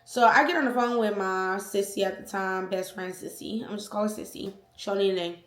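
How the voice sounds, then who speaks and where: A young woman vlogger telling a personal story in a casual, slangy, animated way, acting out the quotes. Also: mid-range voice, a little fast. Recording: echoey room.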